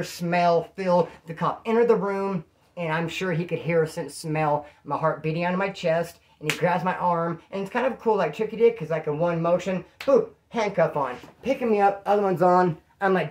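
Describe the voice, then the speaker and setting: A man's voice: fairly high pitch, fairly quick. A man telling stories to the camera in a casual, slangy way, acting out quotes in a raised voice. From California. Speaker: storyteller.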